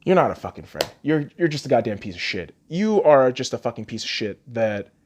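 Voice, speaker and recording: Fired-up man ranting, wildly swinging pitch. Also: big pitch swings, a little fast, a little hiss or hum. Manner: heated, profane, swings from shouting to muttering. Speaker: podcast host. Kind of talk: angry podcast rant.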